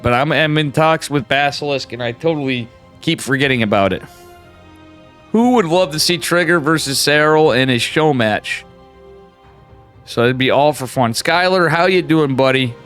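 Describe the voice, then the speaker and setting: A man's voice: a little high, a bit bright. A man streaming live game commentary, talking in a loose, profane, hyped-up way to his chat between plays. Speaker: esports caster.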